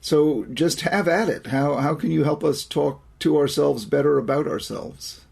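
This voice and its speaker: Gravelly, calm man hosting a podcast. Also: a little high, moderate pace. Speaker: podcast host. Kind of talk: podcast interview.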